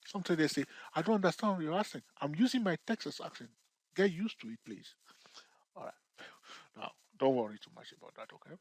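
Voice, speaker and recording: A man's voice: a little high, expressive, fairly quick, slightly rough, no echo. A man teaching a chart-trading lesson who keeps checking in with his listeners and jokes now and then. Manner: repetitive, checks in with "okay?" and "all right?"; jokey, laughs at himself. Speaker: trading tutor. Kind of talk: screen-share trading lesson.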